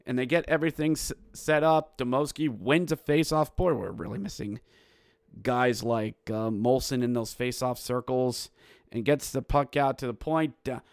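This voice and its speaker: A man hosting a casual hockey recap, calling the plays and breaking into shouted goal calls, with jokey, self-mocking asides. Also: mid-range voice, normal speed, clean tone, no room sound, clean studio sound. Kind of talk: casual game recap with play-by-play.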